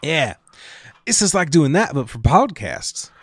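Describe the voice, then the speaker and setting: A man co-hosting a comedy podcast, riffing through jokes in easy, playful chat. His voice moves through a lively range, and the close mic leaves it dry with no room sound. He comes from the Kentucky area. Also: fairly high pitch, husky, dry recording. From Kentucky area, USA. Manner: riffing, playful, quick to joke. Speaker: podcast co-host.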